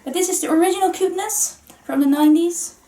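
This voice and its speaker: A woman's voice: very high-pitched, fast, dark tone. A woman hosting a vlog, chatting casually and giggling often while unboxing collectible toys. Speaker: vlog host.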